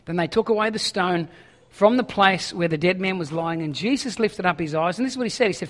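Male pastor, sermon, high-pitched voice, long reverb from a large hall, moves between reading scripture and pressing paraphrase. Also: fairly quick, fairly bright tone. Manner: reads scripture aloud, then paraphrases it in an urgent, conversational voice.

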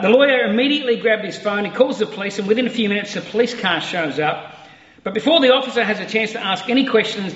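A man's voice: high-pitched, sharp tone, reverberant, big-room sound, highs cut off. A man preaching an online sermon to a camera in an empty church, talking in a conversational, reflective way. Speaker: pastor. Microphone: facing a camera.

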